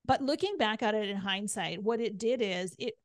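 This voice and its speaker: A woman's voice: medium pitch, lively intonation, moderate pace, no echo. Middle-aged female podcast guest; candid, chatty storyteller; dry, close mic. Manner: chatty, frequent "right?" and "like".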